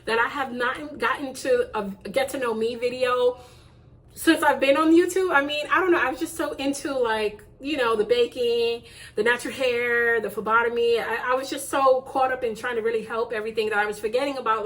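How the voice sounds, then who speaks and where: A woman's voice: a little high, fairly even intonation, a little fast. A woman hosting her own channel, chatting to camera in a casual vlog, gushing and effusive with thanks and often repeating herself. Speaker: YouTube channel host.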